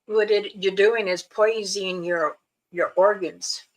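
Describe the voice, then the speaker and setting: A woman hosting a casual livestream, giving slow, loosely strung warnings and advice to her viewers. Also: mid-range voice, fairly even intonation, poor audio. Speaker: livestream host.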